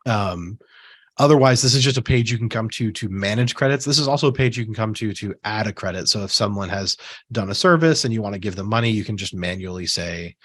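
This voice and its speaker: Man, low voice, dry close sound, casual software training walkthrough, hiccups. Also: fast, dry recording. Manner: relaxed, conversational, with fillers and asides. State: has the hiccups. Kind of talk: screen-share software tutorial.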